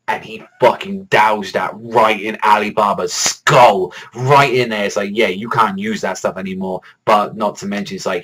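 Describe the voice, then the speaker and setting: A man hosting a manga reaction video in excitable, rambling casual commentary, swearing a lot and stacking fillers. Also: on the low side, husky, low-quality recording. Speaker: manga reaction channel host.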